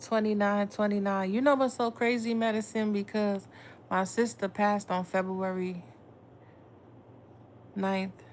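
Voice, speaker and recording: A woman's voice: medium pitch, little pitch movement, measured pace, pauses often, a little hiss or hum. A woman tarot reader chatting casually with viewers on a livestream, blunt and swearing freely. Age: adult with a son.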